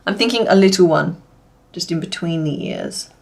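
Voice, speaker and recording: A woman's voice: lowish voice, moderate pace, vocal fry, a little mellow. A woman hosting a casual crochet livestream, chatting and making puns as she works. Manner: chatty, answers chat and makes puns while working.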